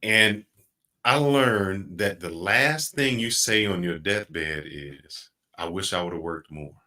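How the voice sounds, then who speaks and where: A middle-aged man hosting a podcast, speaking in an earnest, reflective way and slowing down to stress his points. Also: low voice, pushed and bright. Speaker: podcast host. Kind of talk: casual podcast chat.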